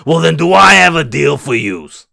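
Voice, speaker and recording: Man doing a bellowing ad announcer, bright, gravelly, swinging pitch. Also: very animated, normal speed, full character voice. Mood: hard-selling. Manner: shouted hard-sell pitch. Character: loud brash male infomercial announcer.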